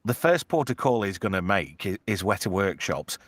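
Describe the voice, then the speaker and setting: A man's voice: fairly low pitch, moderate pace, no room sound. A man co-hosting a late-night live stream, reading the chat and trading jokes with a lot of swearing. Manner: swearing, joking, lively impressions.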